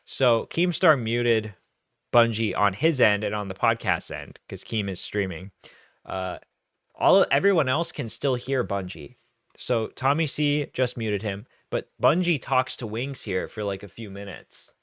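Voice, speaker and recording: A man's voice: on the low side, lively intonation, measured pace, a bit bright, dry recording. Dry, rambling young streamer man. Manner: rambling, self-correcting, laughs between points. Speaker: streamer commentator. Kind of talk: casual reaction commentary.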